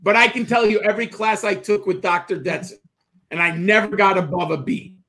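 A middle-aged man with a high, bright, sharp voice, speaking with emphatic conviction in casual chat. He tells his stories like lessons and hammers his points home. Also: fairly even intonation, brisk. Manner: emphatic, preachy storyteller with repeated punchlines. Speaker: podcast co-host.

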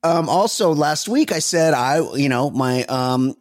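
A man's voice: a little high, expressive, a little slow, dry recording, clean studio sound. A man co-hosting a comedy podcast, telling rambling, profane stories full of restarts in casual chat. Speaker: podcast co-host.

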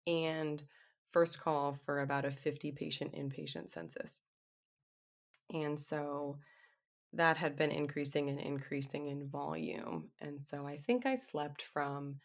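Brief: woman guest, low-pitched with a gravelly edge, animated storyteller. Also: slow pace. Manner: animated, laughs often while telling stories. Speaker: physician assistant, podcast guest. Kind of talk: candid storytelling interview.

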